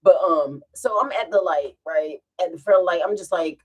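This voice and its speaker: Woman, casual storytime, rambling, animated, laughs a lot, at home. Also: fairly low pitch, normal speed, husky. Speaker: vlogger.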